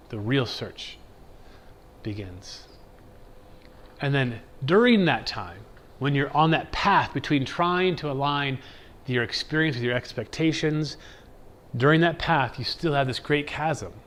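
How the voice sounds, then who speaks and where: Man, mid-range voice, casual catechism teacher, animated and chatty. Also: medium pitch, a little hiss or hum. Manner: animated, keeps asking "right?"; acts out everyday reactions in quotes. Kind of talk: conversational religious class lecture.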